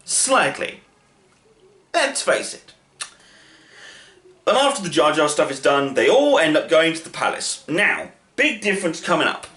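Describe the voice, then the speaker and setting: A man's voice: on the high side, fairly bright tone. Chatty man in an echoey room. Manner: chatty, rambling, with asides and fillers. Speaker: channel host. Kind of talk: casual story retelling. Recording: roomy echo.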